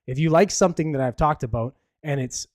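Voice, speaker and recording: A man's voice: a little high, a little fast, a little mellow, dry recording, clean studio sound. A man hosting a podcast alone, chatting casually about the news in a rambling way, full of fillers and restarts. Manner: opinionated and chatty. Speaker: podcast host. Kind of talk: casual solo news chat.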